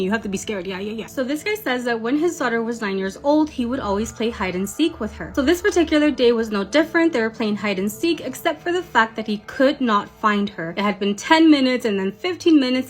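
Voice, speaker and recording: A young woman casually retelling a scary story, animated, swearing, and acting out the people in it. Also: a little high.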